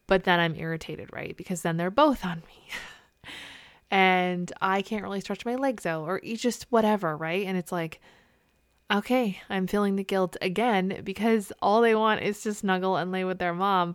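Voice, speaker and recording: A woman's voice: mid-range voice, normal speed, no echo, clean studio sound. A woman in her thirties hosting a solo podcast, talking candidly and with exasperation and swearing casually. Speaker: podcast host.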